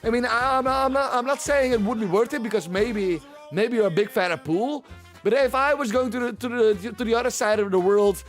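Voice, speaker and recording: A man's voice: very high voice, brisk, soft background music. A man hosting a livestream, chatting casually and rambling, often repeating himself as he talks to his chat. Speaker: livestream host. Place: at home, streaming.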